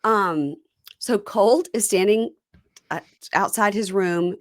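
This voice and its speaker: A woman's voice: mid-range voice, slow pace, no room sound, studio quality. A woman podcast host chatting casually, recapping a reality show and acting out the cast's lines. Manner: animated storyteller, acts out quotes from the show.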